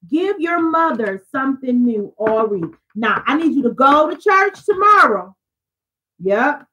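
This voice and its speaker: A woman's voice: sits high, big pitch swings, unhurried, pushed and bright, rough recording. A woman selling jewelry on a live stream, chatty and upbeat, talking straight to her viewers. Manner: chatty, upbeat, addresses viewers directly as "y'all". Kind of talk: live-stream sales pitch.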